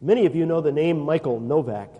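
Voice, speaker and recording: A man preaching a sermon as pastor, emphatic, with dramatic pauses, reading scripture aloud. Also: a little high, mellow, lo-fi sound. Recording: long hall reverb.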